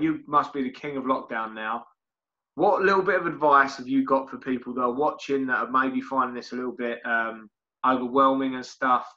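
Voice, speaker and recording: A podcast host chats casually in an interview, filling the gaps with ums and uhs and giving a friendly sign-off. His mid-range voice sounds pushed and bright, and the podcast audio is dull and lo-fi.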